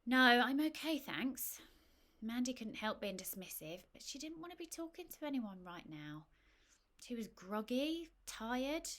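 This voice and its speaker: A woman reading a short story aloud, with a wry, gently humorous delivery. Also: fairly high pitch. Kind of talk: scripted narration.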